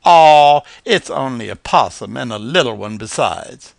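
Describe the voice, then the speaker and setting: A man's voice: medium pitch, lively intonation, unhurried, gravelly, no room sound. A man voicing a young male squirrel who talks in a childlike, earnest way.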